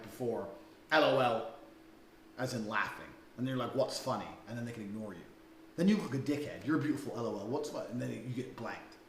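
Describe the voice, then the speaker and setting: A man's voice: medium pitch, a bit bright, roomy sound, far from the mic, slight background noise. A man giving a blunt, profane lecture for a dating course, talking crudely and emphatically.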